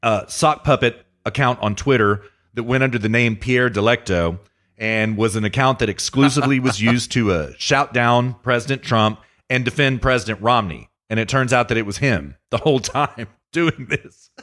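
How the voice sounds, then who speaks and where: Man, podcast host, laid-back, mid pitch, casual chat. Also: moderate pace, fairly bright tone. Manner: laid-back, laughs often, says you know.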